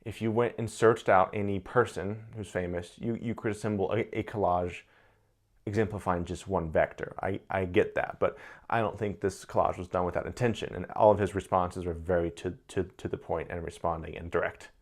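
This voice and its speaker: Deep-voiced man musing over personality types. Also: steady tone, fairly quick. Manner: thoughtful, repeats words while searching for phrasing. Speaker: personality analyst commentator. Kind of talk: casual analytical commentary.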